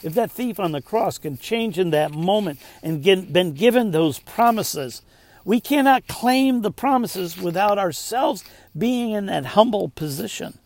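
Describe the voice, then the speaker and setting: Gravelly-voiced man preaching a sermon. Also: high voice, expressive, no room sound. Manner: preaching with emphatic rises and soft, slowed drops. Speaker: pastor.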